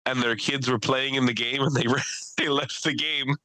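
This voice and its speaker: A young man, a podcast co-host and stand-up comic, chatting casually and acting out people he met in high voices. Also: moderate pace, no echo, low-quality recording. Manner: animated storyteller who acts out people in high voices. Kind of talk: casual chat.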